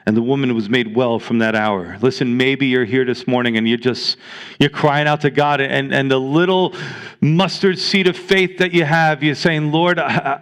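A man's voice: medium pitch, fairly bright tone, clear, resonant tone. A man preaching a sermon as pastor, earnest and exhorting, reading scripture aloud to his congregation.

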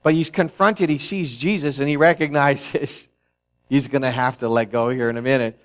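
A man's voice: medium pitch, fairly even intonation, normal speed. A male pastor preaching a sermon in a conversational way that rises to emphatic peaks.

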